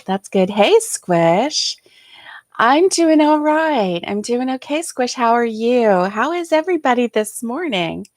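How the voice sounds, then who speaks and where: An older woman hosting a casual livestream from her chair at home, talking softly and haltingly with many ums, tired and yawning. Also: fairly high pitch, lively intonation, no room sound, clean studio sound. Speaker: host.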